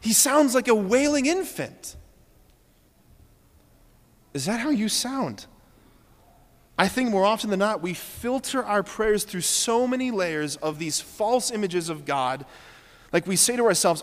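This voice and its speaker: A high-voiced man preaching a sermon as a Catholic priest, his earnest words driven home by repeated phrases. He speaks with building passion. The long reverb of a large church trails after each line. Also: expressive, unhurried, pauses often.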